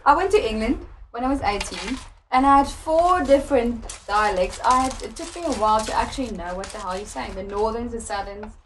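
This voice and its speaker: Emphatic high-voiced South African woman. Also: lively intonation, fairly quick, slight background noise, poor audio. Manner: emphatic, teasing, insistent. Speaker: podcast guest. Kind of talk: casual comedy chat.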